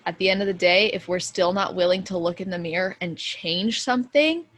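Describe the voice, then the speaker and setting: A woman's voice: on the low side, a little fast, fairly bright tone. A woman hosting a podcast interview, effusive and affirming, talking casually with lots of fillers. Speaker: podcast host.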